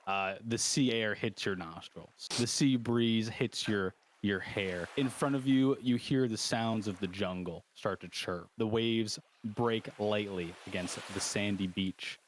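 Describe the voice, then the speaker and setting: A man narrating a tabletop game as game master, relaxed and descriptive. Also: lowish voice, unhurried, slight background noise.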